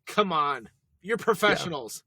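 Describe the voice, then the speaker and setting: A man's voice: fairly high pitch, animated, a little slow, bright, forceful tone, no echo. Joking man on a dry mic. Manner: joking, self-deprecating banter. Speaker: podcast co-host. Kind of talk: casual chat.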